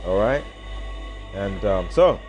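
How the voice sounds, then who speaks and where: Lowish, expressive and a little mellow, this British man's voice moves slowly through a rambling vlog commentary packed with number strings. The sound is lo-fi, with faint music behind.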